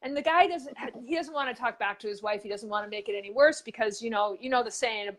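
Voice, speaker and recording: A woman co-hosting a casual motivational show, her voice sitting a touch higher than most. She rambles through stories and pitches, full of fillers and restarts. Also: quick pace. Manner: chatty storyteller, many fillers and restarts.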